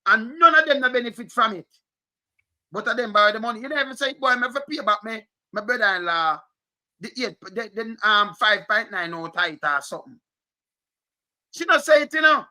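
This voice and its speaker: A man with a Jamaican accent reading through documents and commenting, animated and emphatic in patois. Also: high-pitched, fairly quick. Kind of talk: casual chat.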